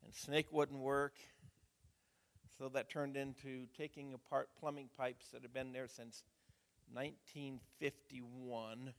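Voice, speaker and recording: A middle-aged man preaching as a pastor, chatting in a folksy way before reading scripture in a measured voice. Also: medium pitch, flat delivery, vocal fry. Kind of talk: sermon. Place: church sanctuary. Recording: church hall reverb.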